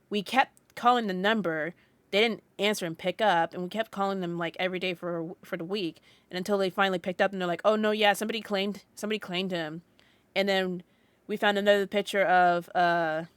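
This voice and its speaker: A young woman co-hosting a casual podcast tells a rambling story packed with "like" fillers and restarts. Her voice is lowish, with a clean tone and no echo.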